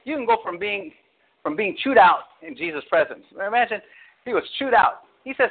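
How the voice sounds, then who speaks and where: A male pastor preaching an animated sermon, acting out quotes with big jumps in his voice. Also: high-pitched, normal speed, gravelly. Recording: tinny phone-like audio.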